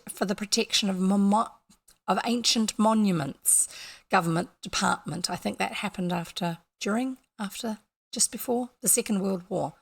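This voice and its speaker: A woman's voice: mid-range voice, creaky, slightly rough. A woman from New Zealand with a New Zealand accent, reading a classic children's book aloud and stopping often for chatty, self-correcting asides to her listeners. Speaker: audiobook reader. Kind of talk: casual audiobook reading with asides.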